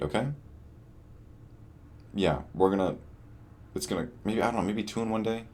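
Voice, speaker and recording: A young man with a very low, deep voice chats through a late-night video diary. He sounds tired and rambles, often trailing off with a shrug in his voice. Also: expressive, brisk, pauses often, darkish tone. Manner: rambling, self-deprecating, trails off. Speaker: vlogger.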